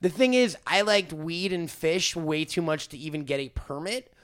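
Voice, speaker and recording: A man's voice: a little high, moderate pace, fairly bright tone, clean tone. A man from the New York area chatting casually and jokingly on a podcast, rambling through his stories. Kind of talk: casual chat.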